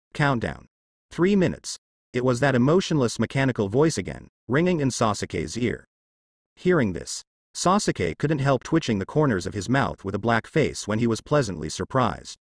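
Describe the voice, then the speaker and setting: A man narrating a story in an even reading with stilted phrasing. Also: mid-range voice, normal speed, no room sound, studio quality.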